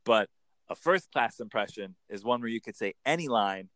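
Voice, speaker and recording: Animated male accent coach, dry sound. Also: on the low side, dry recording. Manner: animated, lively storytelling with quick bursts into put-on voices. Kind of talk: casual interview chat.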